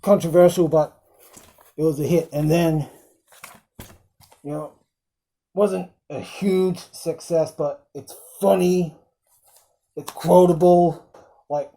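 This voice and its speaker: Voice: mid-range voice, steady tone, takes it slowly, long pauses, dark tone. A film reviewer talking casually, rambling with many fillers and fondly quoting film lines. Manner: fond, quotes film lines.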